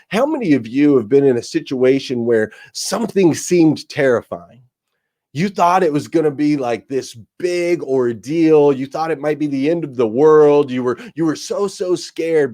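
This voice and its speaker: A man's voice: fairly high pitch, dark tone. A man speaking as a guest speaker, telling a personal story with energy and often calling people "man.". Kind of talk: storytelling talk.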